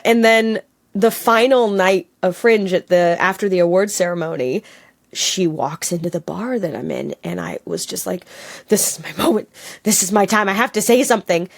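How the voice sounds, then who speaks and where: A woman from Canada telling a personal story in an interview, animated and laughing, acting out her own quotes. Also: mid-range voice, moderate pace, vocal fry. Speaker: storyteller guest. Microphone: on camera, video call.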